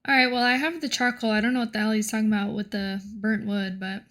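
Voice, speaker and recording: A woman's voice: fairly high pitch, steady tone, fast talker, a bit bright. A young woman giving joking, self-mocking, chatty commentary while playing a game. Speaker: gaming streamer.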